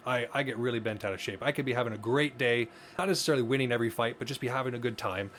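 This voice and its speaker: Guy on a podcast, mid-pitched, earnest and explainy, restarts a lot, faint hiss behind. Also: racing, fairly bright tone. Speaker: podcast co-host. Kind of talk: casual podcast discussion.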